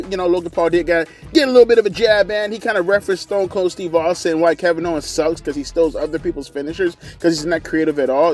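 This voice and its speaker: A man's voice: sits high, darkish tone. A man in his thirties giving a profane, ranting review of a wrestling show from his living room. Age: 30s. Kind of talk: ranting casual commentary.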